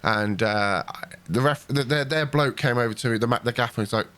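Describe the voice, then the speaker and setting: Give me a man hosting a podcast, telling long sweary stories in an everyday-pitched voice. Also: a little fast, fairly bright tone, no echo. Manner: rambling, sweary storytelling. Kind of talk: casual chat.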